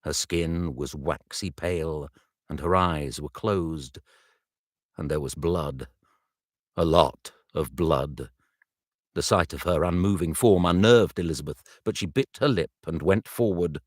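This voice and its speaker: A man narrating an audiobook, reading slowly and carefully and stopping now and then to retake a line. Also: very deep voice, no room sound, studio quality. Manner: slow, measured reading with retakes. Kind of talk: audiobook narration recorded live.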